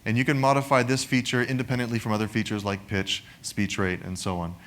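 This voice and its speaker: A man's voice: on the low side, level tone, fast talker, a bit bright. A man giving a conversational technical product presentation, often adding "right?" to his points. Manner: conversational, frequent "right?" tag questions.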